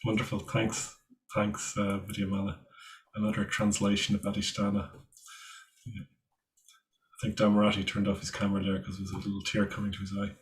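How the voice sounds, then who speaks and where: Brief: male host, low flat delivery, quick wrap-up announcements. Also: a little hiss or hum, poor audio. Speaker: session host. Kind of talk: closing announcements.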